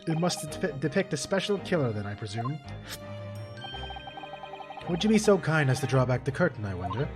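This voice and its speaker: A man voicing a pompous, eccentric British gentleman detective in a video game, reading the dialogue with grand, old-fashioned formality. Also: on the high side, big pitch swings, moderate pace, long pauses. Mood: grandiose. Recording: game music playing behind.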